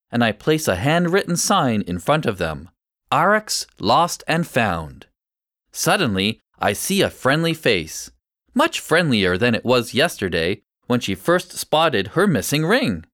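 A male narrator reads a first-person story in a clear, measured way. His pitch moves in lively, animated swings, and the recording is dry and close with no room sound. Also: no echo.

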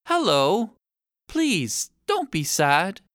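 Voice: medium pitch, huge pitch swings, drawn-out words, fairly bright tone, no echo, studio quality, voice pushed up, full character voice. A reader voicing a tiny, kind and cheerful young female turtle in a storybook read-aloud. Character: tiny friendly hurt sea turtle girl.

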